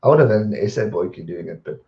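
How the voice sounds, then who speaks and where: A young man, chatting casually on a live stream and answering viewer questions in a rambling, relaxed way. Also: on the low side, quick pace, creaky. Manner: relaxed, rambling, repeats words when distracted. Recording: dull roomy home stream audio.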